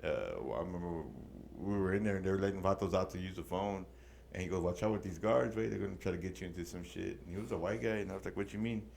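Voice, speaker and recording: Male podcast co-host, low voice, slangy storyteller who mixes in Spanish, faint background noise. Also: steady tone, quick pace, creaky, a little mellow. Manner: profane slang-heavy storytelling, Spanish words mixed in. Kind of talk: casual storytelling chat.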